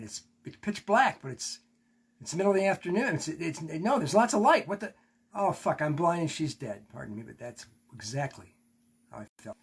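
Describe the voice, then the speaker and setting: A man's medium-pitched voice has a breathy edge as he teaches a class and candidly recounts a personal story, cursing and performing his own past quotes in a lecture-style bit of storytelling.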